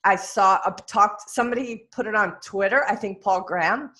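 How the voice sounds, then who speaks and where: A woman's voice: mid-range voice, sharp tone. A woman with a New York accent co-hosting a podcast, chatty and emphatic. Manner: chatty, quick to laugh, emphatic. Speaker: podcast co-host. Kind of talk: casual chat.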